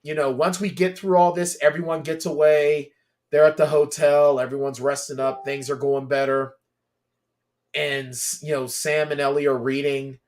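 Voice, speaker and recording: A man co-hosting a podcast in casual chat, retelling scenes with lively, animated storytelling. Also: a little high, moderate pace. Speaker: podcast co-host.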